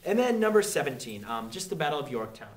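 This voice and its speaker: A man's voice: a little high, big pitch swings, distant mic, very noisy. A man explaining a history study guide to students in a casual, joking way, full of fillers. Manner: chatty, jokey, many fillers, acts out quick quotes. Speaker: history teacher. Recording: echoey room, voice from off mic.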